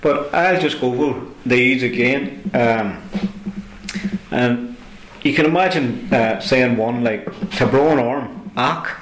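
A man teaching phrases in a casual lesson, patient and repeating each phrase slowly. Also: medium pitch, reverberant, rough recording. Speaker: Irish language teacher. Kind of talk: conversational language lesson.

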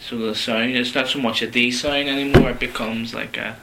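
A man's voice: medium pitch, fairly even intonation, a little fast, heavy background noise. A man co-hosting a radio language lesson, chatty, chiming in with short questions and agreement. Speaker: radio host. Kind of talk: casual co-host chat.

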